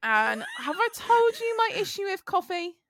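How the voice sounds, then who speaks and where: A woman's voice: very high-pitched, very animated, normal speed, fairly bright tone, no room sound. A young woman telling a story on a podcast in casual chat, laughing often and acting out the voices of others. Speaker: podcast co-host.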